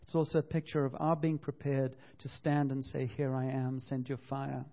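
A man's voice: mid-range voice, flat delivery, moderate pace, highs cut off. A man preaching a sermon with passion, often repeating himself and acting out the quotes he tells. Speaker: pastor.

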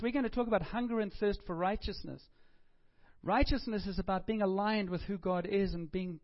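A middle-aged man with a high voice preaches a sermon in a relaxed, chatty manner, slipping in jokes. The recording sounds dull and lo-fi. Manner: chatty, joking, conversational preaching. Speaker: pastor.

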